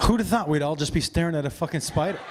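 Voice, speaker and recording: A man telling a story on stage as a stand-up comedian and joking with the crowd, jumping between shouts and mutters. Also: fairly high pitch, very fast, heavy background noise. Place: large hall with a live audience.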